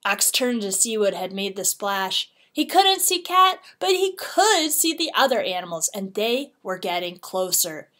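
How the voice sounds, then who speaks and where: Woman, teacher, storybook read-aloud, slow and lively, dramatic delivery. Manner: expressive, dramatic shifts in pitch and loudness.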